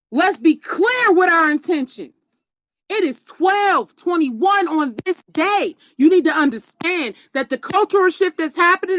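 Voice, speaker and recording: A woman giving a blunt, profane motivational rant on a live stream, preaching and often shouting for emphasis. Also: extremely high pitch, lively intonation, a little slow, dry recording.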